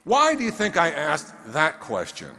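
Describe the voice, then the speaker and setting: A man giving an animated motivational speech from a stage, emphatic and firing questions at the audience. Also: fairly high pitch, moderate pace. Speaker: motivational speaker. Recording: long hall reverb on stage.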